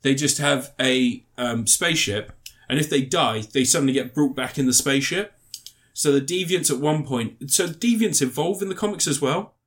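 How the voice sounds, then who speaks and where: A man's voice: mid-range voice, normal speed, a bit bright. A man chatting casually about a film, rambling and swearing, doing mocking impressions.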